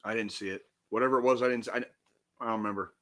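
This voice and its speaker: A man co-hosting a veterans' podcast, ranting and swearing loudly through casual chat. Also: lowish voice, steady tone, rapid-fire. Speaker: podcast co-host.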